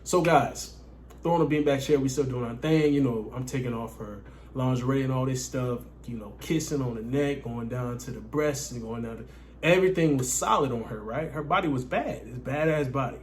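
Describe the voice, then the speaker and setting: A man's voice: mid-range voice, brisk, a little hiss or hum. A man telling a casual, profane story to his viewers, often addressing them as guys. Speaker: dating coach vlogger.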